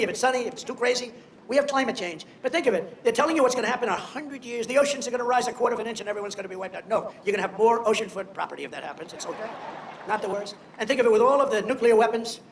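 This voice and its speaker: Fast-talking older man in an echoey hall. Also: extremely high pitch, fairly bright tone, slight background noise. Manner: boastful, mocking storyteller. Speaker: politician giving a speech. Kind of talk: rambling off-the-cuff speech.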